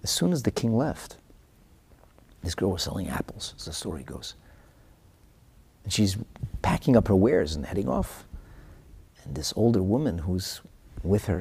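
A male teacher with a low, gravelly voice tells a story in an animated, storytelling way. His pitch rises and falls widely, and the tone is dark and husky. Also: moderate pace, pauses often. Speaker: Torah teacher. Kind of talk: storytelling lecture on religious texts.

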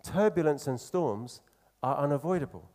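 A man preaching a sermon in an earnest, conversational way, slowing down to stress key phrases. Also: fairly high pitch, animated, mellow.

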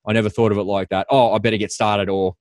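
A man's voice: on the low side, flat delivery, quick pace, a little mellow, no echo. An Australian man hosting a podcast interview over a video call, upbeat and chatty. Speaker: podcast host.

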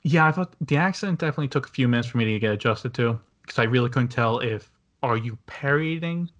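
This man hosts a casual movie review chat with a voice of middling pitch. He rambles along, restarting sentences and filling gaps with ums and likes. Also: fast talker, fairly bright tone. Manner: rambling, many fillers and restarts. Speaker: podcast host.

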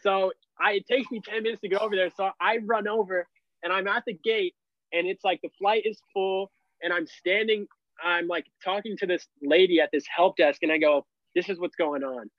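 A young man tells his story in a casual, rambling way, dropping "like" into nearly every sentence. His voice sits a little high for a man. The sound is dull and lo-fi, in a dry space with no room echo. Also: moderate pace. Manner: animated, heavy use of "like" fillers. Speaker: podcast guest.

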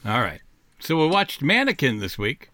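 A man's voice: medium pitch, wildly swooping pitch, moderate pace, sharp tone, a little hiss or hum. A man hosting a movie podcast, chatting casually, laughing and rambling with lots of apologies. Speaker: podcast host. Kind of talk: casual chat.

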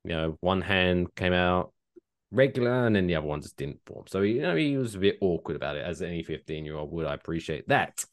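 A man from England co-hosting a comedy podcast, telling stories in a lively, jokey way and slipping into silly voices. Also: deep voice, fairly quick. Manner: animated, slips into silly put-on voices. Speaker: podcast co-host. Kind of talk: comedic storytelling chat.

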